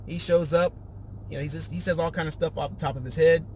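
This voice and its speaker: A man's voice: on the high side, steady tone, quick pace, warm tone, a little hiss or hum. A man hosting a casual podcast, recapping a reality show and acting out quotes in raised voices.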